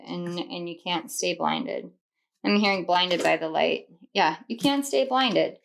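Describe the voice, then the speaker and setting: A woman's voice: fairly low pitch, unhurried, creaky, a little hiss or hum. A woman reading tarot cards to camera, earnest and rambling, often repeating herself and laughing. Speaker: tarot reader.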